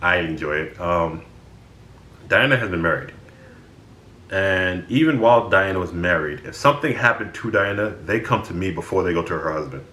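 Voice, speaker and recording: A man's voice: low-pitched, normal speed, bright, forceful tone, roomy sound. A man casually telling stories about his friends on his vlog. He sounds exasperated and swears freely. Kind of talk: casual storytelling.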